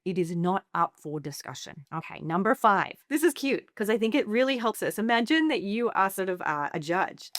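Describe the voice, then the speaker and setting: A woman's voice: medium pitch, no echo, studio quality. A middle-aged woman therapist giving a playful educational talk to camera, slipping into sassy voices for the replies she suggests. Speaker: anxiety therapist.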